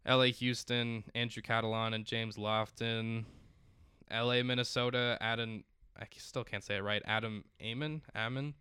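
A man co-hosting a casual sports podcast, with a bright, crisp voice. He talks in a chatty way and rattles through lists of games and standings. The sound is dry and close. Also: mid-range voice, level tone, moderate pace, dry recording. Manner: chatty, reads out lists, laughs often. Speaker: podcast co-host.

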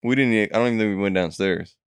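A young man with a low, smooth voice tells a rambling tale among friends, swearing constantly and slipping into quoted voices. The sound is dry and close. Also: racing, dry recording. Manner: profane, animated storytelling with acted quotes. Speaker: storyteller recounting a dream. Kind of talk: casual chat.

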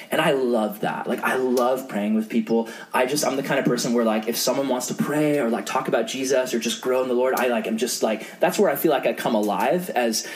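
A man's voice: mid-range voice, a little fast, hardly any pauses, a little hiss or hum. A young man preaching to a youth group in a casual storytelling style with lots of fillers. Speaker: youth pastor. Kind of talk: youth sermon.

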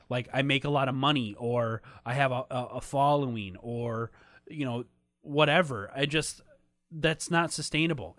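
A man's voice: mid-range voice, fairly bright tone, dry recording. A man talking casually and candidly, swearing often, getting emotional and trailing off into fillers.

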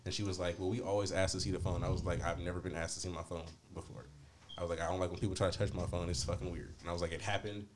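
A man's voice: low-pitched, racing, noisy background. A man hosting a podcast, telling a story in casual, profane talk and acting out both sides of the argument. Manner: animated, profane, quoting himself and others. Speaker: podcast host.

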